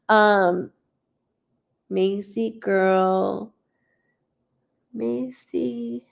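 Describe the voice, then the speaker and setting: A woman's voice: mid-range voice, a little slow, vocal fry, a little mellow. A woman in her thirties giving a live psychic reading, chatty and rambling as she relays messages. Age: 30s. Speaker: psychic medium.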